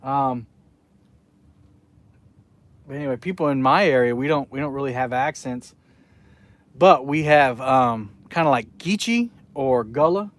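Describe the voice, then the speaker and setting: A man's voice: medium pitch, unhurried, pauses often, no room sound. A man from South Carolina chatting casually with his viewers while out fishing, rambling from one thought to the next. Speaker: fishing live streamer. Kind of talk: casual live stream chat while fishing. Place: outdoors by the water, fishing.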